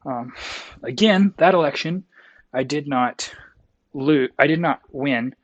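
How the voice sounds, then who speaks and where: A man's voice: on the high side, slow, lo-fi sound. A young man from Wyoming, telling a story as an interview guest in a folksy, rambling way with many self-corrections.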